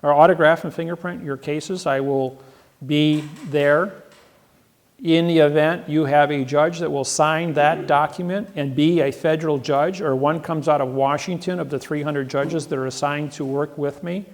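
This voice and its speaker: A man with a slightly higher voice and a gravelly edge tells boastful stories at a seminar. He rambles and repeats himself as he goes. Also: steady tone, moderate pace. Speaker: seminar speaker. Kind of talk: seminar talk, storytelling to an audience. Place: seminar room.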